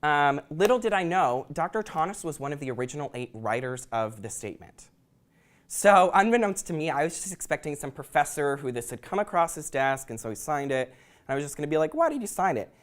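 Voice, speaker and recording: A man's voice: on the high side, animated, fairly quick. A young man giving a prepared talk to an audience, earnest and reflective, with occasional ums. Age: young adult. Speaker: student speaker.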